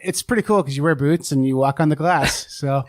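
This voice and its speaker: A man's voice: on the high side, brisk. A man co-hosting a podcast in casual chat, rambling along with lots of "um" and "like" fillers. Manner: rambling, full of "um" and "like". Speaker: podcast co-host.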